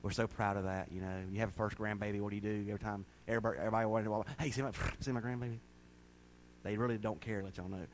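A man preaching a sermon as pastor, folksy and conversational, then building to shouted, drawn-out preaching. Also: fairly low pitch, little pitch movement, a little hiss or hum.

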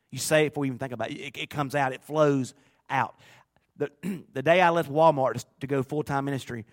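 A middle-aged man preaching a sermon in a church, rising to loud bursts and dropping to soft, low asides. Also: no room sound, studio quality. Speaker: pastor.

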